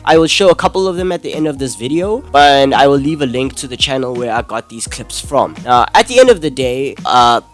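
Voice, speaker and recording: A man's voice: mid-range voice, expressive, a little fast, hardly any pauses, soft background music. A young man giving an angry, exasperated, swearing commentary rant. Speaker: commentary YouTuber. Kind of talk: ranting video commentary.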